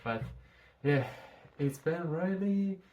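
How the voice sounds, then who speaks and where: A man's voice: a little high, animated, takes it slowly, a little mellow, a little hiss or hum. A man reviewing a show in a casual vlog, talking through a mask, rambling and swearing freely.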